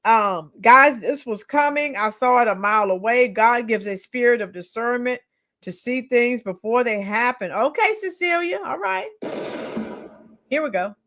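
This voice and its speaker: A woman's voice: fairly high pitch, expressive, normal speed, fairly bright tone. A woman hosting a casual livestream, reading viewer comments aloud and chatting with her audience. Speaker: livestream host.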